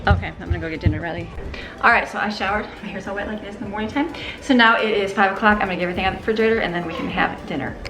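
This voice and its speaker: A quick-talking mother in her thirties narrates her day for a home vlog, chatting through laundry and dinner as she works. She speaks at a brisk clip with a mid-range pitch, and music plays clearly behind her. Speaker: vlogger, homeschooling mother. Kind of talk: casual day-in-the-life vlog. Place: car, home and kitchen. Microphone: handheld camera.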